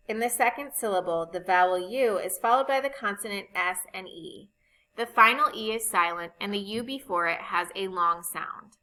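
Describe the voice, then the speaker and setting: Bright-voiced woman teaching phonics slowly. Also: mid-range voice, rough recording. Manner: slow, clear, patient explaining of spelling rules. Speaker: reading teacher. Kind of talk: recorded phonics lesson.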